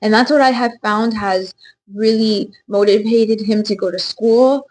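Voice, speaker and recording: A woman's voice: a little high, fairly even intonation, unhurried, darkish tone, rough recording. A woman in a casual chat, telling a personal story in an earnest way.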